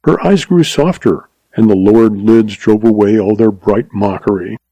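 A man reading a story aloud in measured, scripted narration. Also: lowish voice, mellow, no echo, rough recording. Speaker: audiobook narrator.

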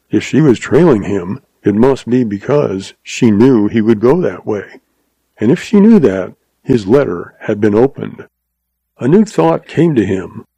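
Low, mellow male narrator. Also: husky, no room sound. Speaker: audiobook narrator. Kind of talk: scripted narration of a western novel.

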